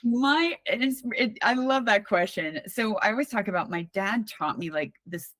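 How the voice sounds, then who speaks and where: A woman on a podcast as a guest, talking in a candid, animated, conversational way with frequent restarts. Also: medium pitch, moderate pace, no room sound. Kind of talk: casual conversational storytelling.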